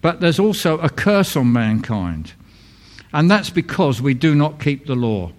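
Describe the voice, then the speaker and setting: A man preaching a sermon in an earnest, plain-spoken way, repeating key phrases and dropping his voice low for emphasis, with casual asides to the congregation. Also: very animated, measured pace. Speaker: pastor.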